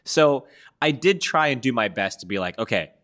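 A man's voice: medium pitch, expressive, moderate pace, a bit bright. A man chatting casually on a podcast, joking and laughing often as he tells stories. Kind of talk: casual chat.

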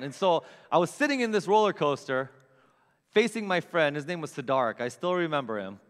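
A man's voice: sits high, a bit bright, in a large hall. A man in his thirties telling a funny personal story in a self-mocking way, acting out voices and sounds.

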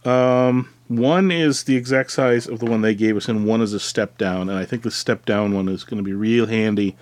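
A man's voice: fairly low pitch, steady tone, moderate pace, darkish tone, no echo. A man co-hosting a podcast, chatting casually and rambling with many fillers while he builds something. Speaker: podcast co-host.

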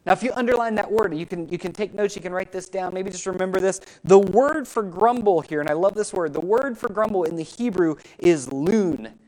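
Expressive woman preaching a sermon. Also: a little fast, hardly any pauses, rough recording. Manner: expressive preaching, pitch and volume rising on emphasis; speaks directly to the congregation with questions. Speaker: pastor.

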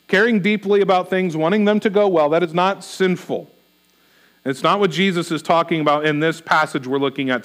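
A middle-aged male pastor with a noticeably high voice delivers a sermon. He speaks earnestly and voices anxious rhetorical questions as though thinking them aloud. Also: a bit bright.

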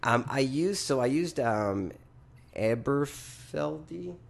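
A male podcast host in casual conversation, talking at an ordinary middle pitch. He rambles and stops himself mid-thought, trailing off and restarting. He pokes fun at himself as he talks. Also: animated, gravelly. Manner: rambling, halting, self-deprecating. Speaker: podcast host running a blind tasting. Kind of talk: casual chat.

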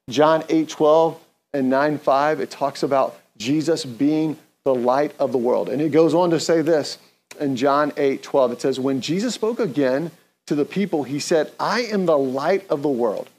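Man, pastor, sermon, earnest, conversational, slightly higher voice. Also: a little mellow. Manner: earnest, conversational preaching with call-and-response.

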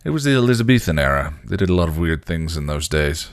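A man voicing a dry, teasing, bookish vampire in a low gruff drawl while reading a story aloud. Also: big pitch swings, quick pace, no echo.

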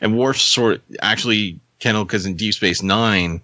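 Deep-voiced man with a bright edge. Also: a little slow, no echo. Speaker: podcast co-host. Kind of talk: casual group chat on a call. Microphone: own mic on a remote call.

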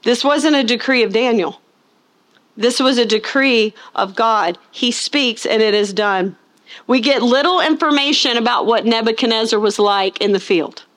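A woman preaching with a voice pitched a little above most women's. She leans hard on key words and keeps asking the congregation questions, pausing for them to answer before she presses on. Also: fairly bright tone. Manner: asks the congregation rhetorical questions; acts out scenes in funny voices. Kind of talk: sermon.

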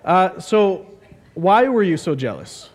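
A man's voice: high voice, big pitch swings, slow pace. A male pastor giving a casual, jokey sermon, rambling with many fillers.

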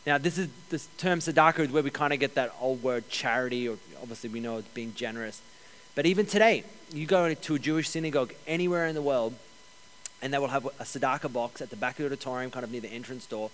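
A man preaching a sermon as pastor, energetic, repeating key phrases and joking with the congregation. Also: mid-range voice, fast. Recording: long hall reverb.

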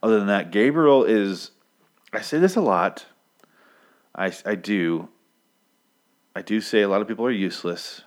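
Very deep-voiced sarcastic man. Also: expressive, normal speed. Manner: profane, sarcastic. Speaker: podcast host recapping a comic. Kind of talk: casual chat.

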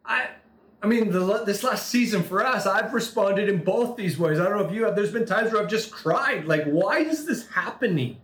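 A man preaching a sermon, talking through a scripture passage in a conversational way, with quick asides and slower, dramatic reading. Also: sits high, lively intonation, a bit bright, roomy sound. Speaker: pastor.

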